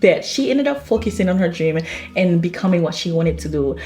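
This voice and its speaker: A woman's voice: on the low side, animated, brisk, dark tone, faint music behind. A young woman chatting casually at home about books she read, bubbly and rambling, with lots of fillers and laughter. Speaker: book vlogger. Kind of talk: casual book review chat. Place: home, near kitchen. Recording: echoey room.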